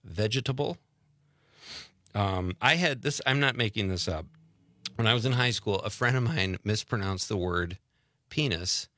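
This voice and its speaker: Male talk radio host, casual storyteller, bright tone, close dry mic. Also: fairly low pitch, normal speed, dry recording. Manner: chatty, laughs easily, tells anecdotes. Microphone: studio microphone.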